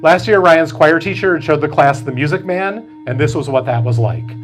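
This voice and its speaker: Man reading his novel, slow, music behind. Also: a little high, low-quality recording. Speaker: author. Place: bookstore event.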